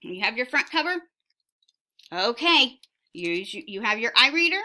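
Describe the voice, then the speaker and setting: A woman's voice: on the high side, big pitch swings, measured pace, bright, forceful tone. A woman teacher reading a sight word book aloud to young children, word by word, with encouraging prompts.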